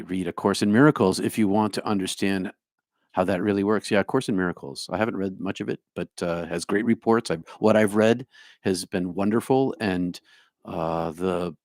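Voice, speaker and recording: A man's voice: sits low, no echo, clean studio sound. A middle-aged man with a New Jersey accent, a spiritual speaker answering his live chat by name, musing and humming to himself. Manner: musing, talks to viewers by name, hums to himself. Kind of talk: livestream chat reply.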